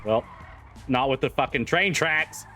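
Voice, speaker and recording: A man's voice: mid-range voice, unhurried, pushed and bright, soft background music. A man streaming a driving game live, chatting casually, swearing and repeating himself as he gets frustrated.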